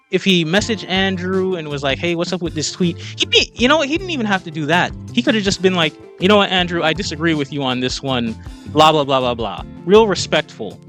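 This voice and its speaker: Giving opinion commentary, a man with a fairly high voice reacts to video clips with mocking exasperation, repeatedly telling the person on screen to calm down. Faint music plays underneath.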